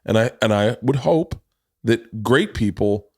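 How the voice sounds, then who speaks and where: A man in his forties with a fairly low voice, hosting a casual podcast. He rambles through self-deprecating stories, stumbling and restarting as he goes, recorded close and dry with no room sound. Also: lively intonation, unhurried, darkish tone, breathy edge, dry recording. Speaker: podcast host.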